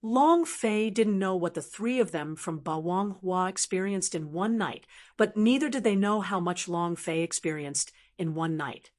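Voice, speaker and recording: A woman's voice: medium pitch, expressive, unhurried, few pauses, a little mellow. Woman narrating a fantasy audiobook. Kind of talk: scripted narration.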